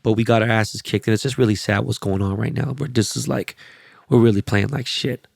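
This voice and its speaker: A man in his forties hosts a podcast and talks at an ordinary pitch in a gravelly voice. He rambles, swears freely and stays animated through his stories. The close mic sounds dry with no room in it. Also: fairly quick, no echo. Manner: profane, rambling, animated storytelling. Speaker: podcast host. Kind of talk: casual podcast monologue.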